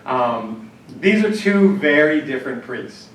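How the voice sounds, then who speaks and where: Speaking slowly but animatedly in a mid-range voice, a man gives a conversational talk on church planning to a live group, telling anecdotes and leading an exercise. Fillers and restarts come often. It's captured in an echoey hall through a distant mic, with faint ambience.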